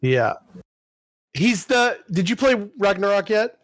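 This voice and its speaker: Male podcast co-host, higher voice, rambling and profane recaps. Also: big pitch swings, slow, dry recording. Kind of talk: casual chat.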